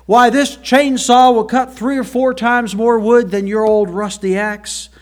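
A man's voice: very high-pitched, fairly even intonation, measured pace, voice pushed up. A pastor putting on a slick pushy salesman with a twang. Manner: hard-selling, folksy twang.

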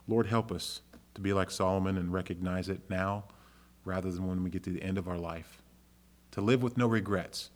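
A man preaching a sermon as a pastor, earnest and conversational, rising into loud, animated storytelling. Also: fairly quick. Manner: acts out characters with raised pitch in anecdotes.

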